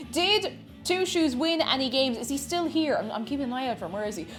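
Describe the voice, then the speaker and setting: A woman's voice: sits high, lively intonation, normal speed, soft background music. A woman, a variety streamer chatting casually with her chat while she bakes, greeting viewers by name and laughing often.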